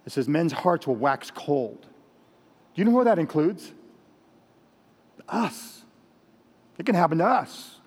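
A man preaching at an evening church service, talking loudly and telling jokes in a chatty, laughing way. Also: fairly high pitch, very animated, slow, long pauses, breathy edge, in a large hall. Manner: loud, chatty, laughing storyteller. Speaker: pastor. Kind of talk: sermon with jokes.

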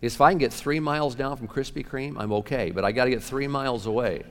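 A man preaching a sermon as pastor, animated, shifting between loud outbursts and hushed asides. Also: medium pitch, fast. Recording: long reverb of a large hall.

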